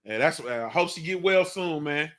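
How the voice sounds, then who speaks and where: Animated, slang-heavy male morning show host. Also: on the high side, normal speed. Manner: animated, slangy, repeats "you understand what I'm saying". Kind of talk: casual boxing talk monologue.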